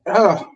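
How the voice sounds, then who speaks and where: A man co-hosting a casual live stream, joking and cursing as he reads a snack's ingredient list. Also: lo-fi sound.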